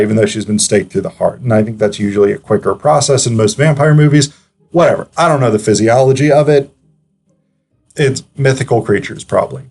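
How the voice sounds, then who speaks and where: Male film reviewer, mid-pitched, chatty and hesitant, thinking out loud over faint background music. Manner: chatty, digressive, hesitant with filler words. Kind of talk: casual analytical commentary.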